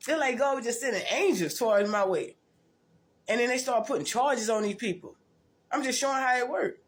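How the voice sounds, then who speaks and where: A woman's voice: fairly high pitch, a little fast. A woman tells her life story in a blunt, profane, rambling way, often restarting and repeating herself. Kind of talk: casual storytelling monologue.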